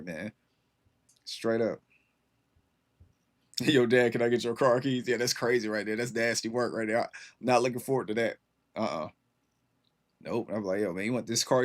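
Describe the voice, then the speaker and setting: Laid-back man chatting on a stream. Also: mid-range voice. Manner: laid-back, rambling, lots of fillers and slang. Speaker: livestream host. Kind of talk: casual chat with viewers.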